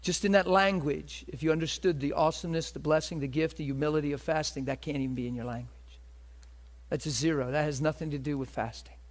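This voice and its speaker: A man preaching a sermon, telling a personal story with animated delivery that swings between loud and hushed. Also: on the high side, quick pace, hardly any pauses.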